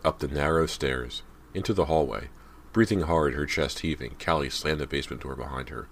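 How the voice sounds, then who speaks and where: Very deep-voiced male audiobook narrator. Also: slight background noise. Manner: steady, measured storytelling.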